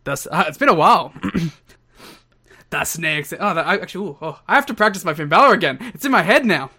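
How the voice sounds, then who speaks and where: A man's voice: sits high, lively intonation, fast, bright, forceful tone. A man co-hosting a podcast, talking in a rambling casual way and laughing often. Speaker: podcast co-host. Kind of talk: casual chat.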